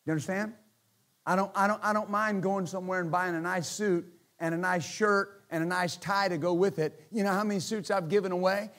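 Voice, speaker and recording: A pastor preaching a lively sermon. His voice sits a little high for a man and jumps between quiet asides and loud bursts. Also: brisk. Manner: animated, joking, swings from quiet to shouting.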